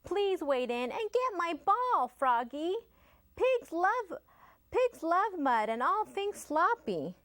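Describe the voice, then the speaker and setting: A woman voicing a tidy, polite young male pig in a picture book read aloud, in a bright, mildly raised storybook voice. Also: very high-pitched, sing-song, slow, no echo, clean studio sound, voice pushed up, exaggerated voice. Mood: earnest.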